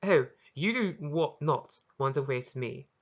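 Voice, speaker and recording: A reader voicing a spirited, sarcastic high-born young British lady with a shrill voice, in an audiobook of their own story. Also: animated, slow pace. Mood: teasing. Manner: playful, sarcastic.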